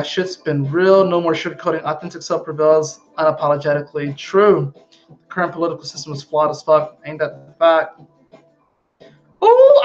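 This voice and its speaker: A man with a high voice, chatting loosely and emphatically to viewers about astrology and dropping plenty of profanity. The sound is dull and lo-fi, with faint music in the background. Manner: animated, emphatic, frequently profane. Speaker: astrology vlogger. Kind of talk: casual spiritual chat to viewers.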